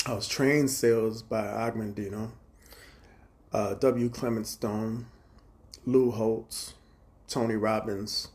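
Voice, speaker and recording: A man in his forties on a live stream, telling rambling, profane stories with reenacted quarrels and sometimes trailing off into low mutters. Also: steady tone, takes it slowly, pauses often, darkish tone. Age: 40s. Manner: profane, agitated storytelling with reenacted dialogue. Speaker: livestreamer.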